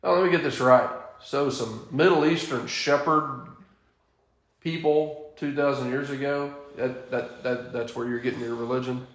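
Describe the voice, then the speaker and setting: A man's voice: mid-range voice, fairly even intonation, moderate pace, echoey room, lightly acted, low-quality recording. A man voicing a skeptical man who mocks faith in an incredulous, scoffing way. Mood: mocking. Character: sneering skeptic man mocking religion.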